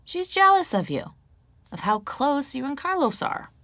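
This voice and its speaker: A brash woman healer with a sarcastic streak, her voice pitched noticeably higher and sounding set apart from the narrator's usual tone, as a woman narrator puts her on. She delivers wisecracks in a breezy, teasing manner. The reading is dry and close, with no room echo. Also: big pitch swings, measured pace, fairly bright tone, exaggerated voice.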